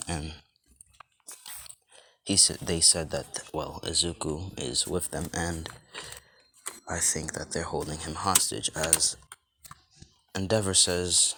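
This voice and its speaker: Deep-voiced young man rambling a fan story. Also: fairly even intonation, takes it slowly, long pauses, bright, forceful tone, a little hiss or hum. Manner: rambling, filler-heavy, casual. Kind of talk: improvised fan fiction storytelling.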